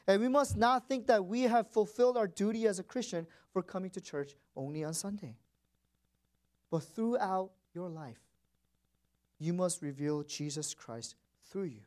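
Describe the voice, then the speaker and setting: A man's voice: high voice, normal speed, a little mellow. Man preaching an emphatic sermon. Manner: emphatic preaching with repeated phrases and rising stresses. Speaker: pastor.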